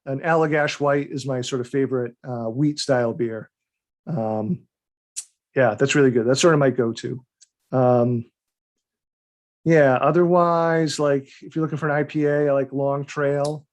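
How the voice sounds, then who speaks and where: A man's voice: medium pitch, fairly even intonation, normal speed. A man, a guest author, talking casually on a video call, rambling with restarts and small laughs. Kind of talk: casual interview chat.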